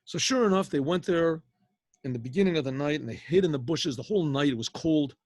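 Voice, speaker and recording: A rabbi telling a story in a loose, conversational way, halting and repeating words over a video call. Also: male voice, on the high side, lively intonation, darkish tone, dry recording, clean studio sound. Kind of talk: informal oral storytelling.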